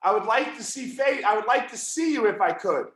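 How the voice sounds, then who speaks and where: A man teaching a live online jiu-jitsu class, yelling his coaching cues as he walks students through each move. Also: high-pitched, lively intonation, fairly quick, very echoey.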